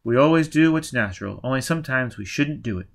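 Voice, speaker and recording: A man reading an audiobook, voicing a nervous retired crook who talks in a gruff, blustering way. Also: mid-range voice, lively intonation, quick pace. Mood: weary.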